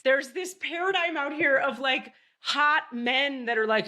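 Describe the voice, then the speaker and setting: High bright-voiced woman host, blunt and sweary, jumping in to tease. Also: measured pace, few pauses. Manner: blunt, swearing, playfully interrupting. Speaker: podcast host. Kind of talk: casual chat.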